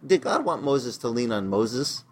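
A man's voice: medium pitch, very animated, measured pace, a little hiss or hum. A male pastor giving a casual, conversational sermon in plain, slangy words, acting out the voices he quotes as he tells the story.

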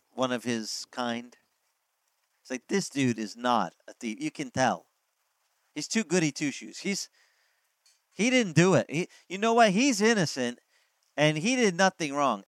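A man's voice: on the high side, dry recording, poor audio. A man preaching a sermon as pastor, explaining scripture in a conversational way, asking the congregation questions and acting out quoted lines.

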